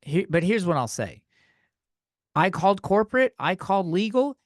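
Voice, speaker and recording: Male podcast host for a comedy rant: exasperated and profane, somewhat high voice, dry studio mic. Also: big pitch swings, normal speed, no room sound. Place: video podcast recording. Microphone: studio microphone.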